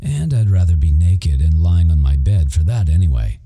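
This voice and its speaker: A man's voice: deep voice, animated, moderate pace, warm tone, slightly rough. A man narrating a romance audiobook in first person, wry, profane and self-mocking.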